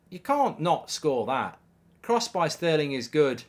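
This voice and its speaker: A man hosting a live football watchalong, reacting to the match and reading viewer comments in an excitable, animated way, often stumbling and restarting his sentences. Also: on the high side, unhurried. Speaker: host of a football watchalong stream.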